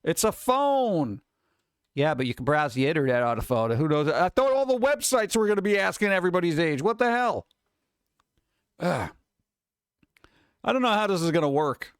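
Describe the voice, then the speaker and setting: A man chatting casually on a stream, reading headlines and memes aloud and answering them with sarcastic, animated asides. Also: high voice, fairly quick, long pauses, clean tone, no echo, clean studio sound. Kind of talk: casual live-stream chat.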